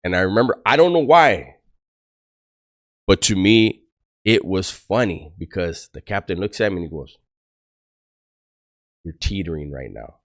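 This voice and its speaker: Middle-aged man, low voice, swings up and down a lot; blunt, profane ex-con telling stories to camera. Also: animated, moderate pace, long pauses. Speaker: former prisoner giving life advice. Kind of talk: casual storytelling to camera.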